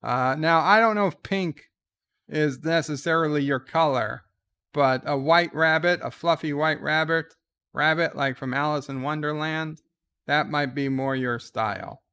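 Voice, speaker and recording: A man's voice: on the high side, unhurried, sharp tone, clean tone. A man hosting a casual livestream, answering viewer letters in a hesitant, joking way, full of "uh" and restarts. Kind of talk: casual live-stream chat.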